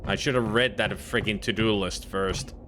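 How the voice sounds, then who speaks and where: A man's voice: on the low side, fairly even intonation, normal speed, background noise. A man streaming a game, chatting casually with self-deprecating jokes. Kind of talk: casual gameplay commentary.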